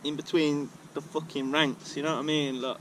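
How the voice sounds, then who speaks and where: A man's voice: on the high side, level tone, moderate pace, fairly bright tone, poor audio. A man, chatting off the cuff at a favourite outdoor spot. He rambles and swears freely in loose slang, over a faint hum of street noise. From England. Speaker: vlogger. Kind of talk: casual rambling monologue. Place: outdoors at a regular filming spot.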